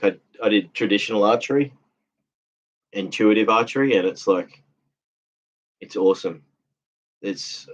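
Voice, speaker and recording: A tired man hosting a casual livestream, reading chat comments with many fillers, restarts and laughs. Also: on the low side. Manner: rambling, halting, lots of fillers and restarts, laughs often. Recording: dull lo-fi sound.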